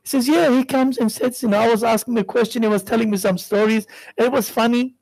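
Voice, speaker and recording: A man's voice: very high voice, fairly even intonation, fast, vocal fry, a little mellow, no echo, poor audio. A middle-aged man preaching a sermon as a sheikh, asking rhetorical questions and acting out the voices in his stories. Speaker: sheikh giving a religious talk. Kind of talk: sermon with storytelling.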